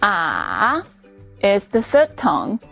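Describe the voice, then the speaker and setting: A woman teacher in a scripted lesson, explaining clearly and patiently, step by step. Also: fairly high pitch, a little slow, soft background music. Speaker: Chinese teacher.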